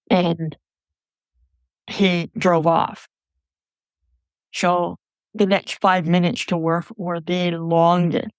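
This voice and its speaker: A woman's voice: low-pitched, no room sound. Woman telling a personal story, dry close mic. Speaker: podcast storyteller.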